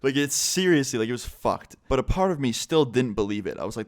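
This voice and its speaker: A man's voice: medium pitch, animated, fast talker, few pauses. A young man telling a story on his vlog in a laid-back way, swearing and saying "like" constantly. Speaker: YouTuber.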